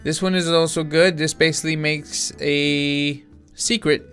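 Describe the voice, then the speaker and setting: A man's voice: fairly high pitch, steady tone, a little slow, fairly bright tone, faint music behind. A man casually commenting on his card game as he plays, thinking aloud with frequent restarts and filler words, sounding a little tired. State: yawning, tired. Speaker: gaming channel host.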